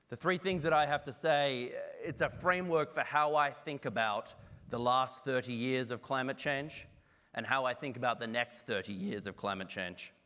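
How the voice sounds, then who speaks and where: A man with an Australian accent giving a conference keynote, brisk and self-deprecating with jokes. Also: medium pitch, sharp tone. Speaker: keynote speaker.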